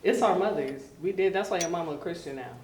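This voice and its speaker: A woman hosting a stand-up comedy show in a club, brash and loud on her punchlines. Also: lowish voice, fast, recorded from a distance, slight background noise. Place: comedy club with live audience. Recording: roomy club sound, mic heard from afar, crowd laughter.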